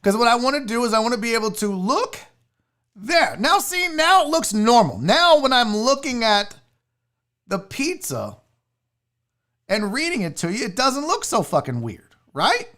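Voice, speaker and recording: A woman's voice: a little high, sing-song, normal speed, a bit bright. A woman hosting a casual livestream chat, blunt, profane and mocking as she reacts. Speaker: sports show host.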